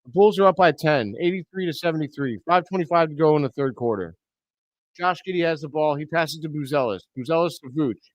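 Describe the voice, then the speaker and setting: Man, fan stream host, live play-by-play, fairly high voice, excitable, blunt, dry close sound. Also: a little fast, dry recording. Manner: excitable, blunt, swings into loud outbursts. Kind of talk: live play-by-play reaction commentary.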